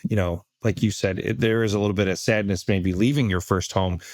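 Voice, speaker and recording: Man podcast co-host, low voice, reflective, dry sound. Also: fairly even intonation, fairly quick, a little mellow, dry recording. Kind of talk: casual podcast chat.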